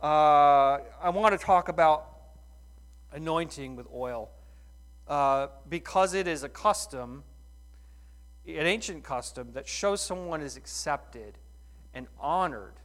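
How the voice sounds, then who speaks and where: A middle-aged man preaching a sermon in a folksy, animated way, full of rhetorical questions. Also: on the high side, slow, pauses often. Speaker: pastor.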